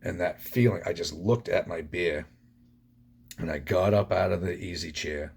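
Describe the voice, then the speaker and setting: A man's voice: low-pitched, moderate pace, vocal fry, darkish tone, husky. A man hosting a podcast, telling his own recovery story in a blunt, profane way. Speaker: podcast host.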